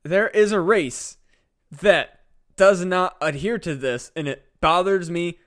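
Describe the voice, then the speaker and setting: A man's voice: high voice, slow pace. A man co-hosting a casual comedy podcast, explaining loosely with many restarts and swearing. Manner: loose, hesitant explaining, profane. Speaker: podcast co-host.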